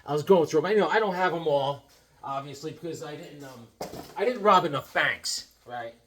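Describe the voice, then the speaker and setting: Excitable, tired man telling stories. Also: on the high side, moderate pace, slight background noise. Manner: excitable, jokey, rambling. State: tired from lack of sleep. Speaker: comic collecting channel host. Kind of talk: casual rambling storytelling. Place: home comic room.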